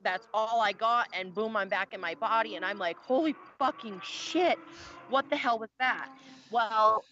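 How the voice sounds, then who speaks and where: A woman's voice: fairly high pitch, unhurried, bright, forceful tone, dull audio, a little hiss or hum. A woman telling a spiritual story in a loose, rambling way, cursing freely and often restarting her sentences. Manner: profane, rambling, self-interrupting. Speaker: guest sharing a spiritual experience. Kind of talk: casual storytelling.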